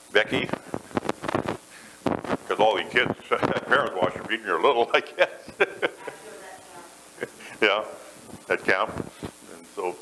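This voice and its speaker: Male pastor, lively up-and-down delivery, relaxed conversational sermon, noisy live church recording. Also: medium pitch. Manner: conversational, asks the congregation questions.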